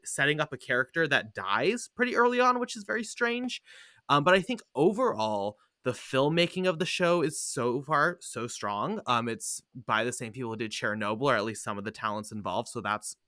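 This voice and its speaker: A man hosting a podcast, talking casually in lively bursts. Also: medium pitch, no echo, clean studio sound. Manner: lively, talks in quick bursts with many "um"s. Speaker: podcast host. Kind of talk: casual chat.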